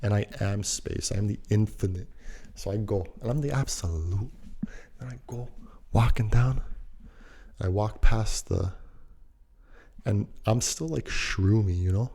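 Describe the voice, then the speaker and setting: A man's voice: lowish voice, a little slow, warm tone. A man telling a personal story in a laid-back, slangy, rambling way that drifts into musing.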